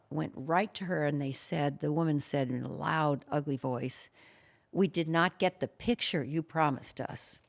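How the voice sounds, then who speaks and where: Woman guest with a low, gravelly voice, earnest storyteller, stops and restarts often. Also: darkish tone. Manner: halting, with many fillers and restarts; earnest and emotional. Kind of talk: personal storytelling in an interview.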